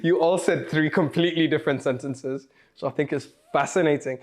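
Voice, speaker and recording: A young man hosts a relaxed interview in an upbeat, chatty way. His voice sits a little high for a man. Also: a little fast. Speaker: host. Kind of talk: casual interview.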